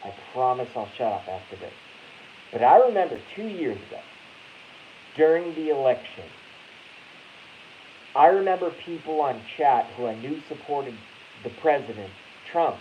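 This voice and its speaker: Male stream host, rambling and foul-mouthed, mid-pitched, dull lo-fi sound with faint hiss. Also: expressive, normal speed. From Boston. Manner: rambling, profane, self-interrupting. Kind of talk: casual ranting live stream.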